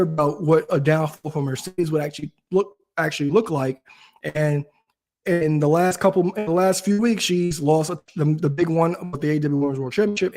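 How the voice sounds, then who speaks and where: A man's voice: a little high, darkish tone. A man hosting a casual talk show, ranting animatedly with frequent restarts. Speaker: podcast host. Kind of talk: casual chat.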